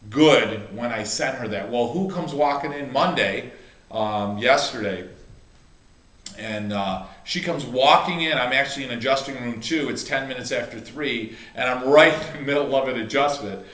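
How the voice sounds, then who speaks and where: A man's voice: medium pitch, moderate pace, fairly bright tone. Rambling middle-aged man in an echoey room. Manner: rambling, heartfelt, many restarts and fillers. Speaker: chiropractor and practice coach. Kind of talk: casual video talk.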